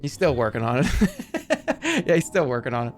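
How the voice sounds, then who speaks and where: A man streaming a video game, chatting in a rambling, profane, animated way. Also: medium pitch, rapid-fire, soft background music. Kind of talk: casual chat while gaming.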